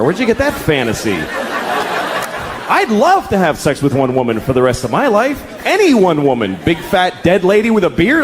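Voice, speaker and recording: A man performing stand-up comedy, acting out the people in his stories by shouting them in a high voice. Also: huge pitch swings, moderate pace, background noise. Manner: acts out shouting characters in high voice. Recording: live club with crowd. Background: audience laughter.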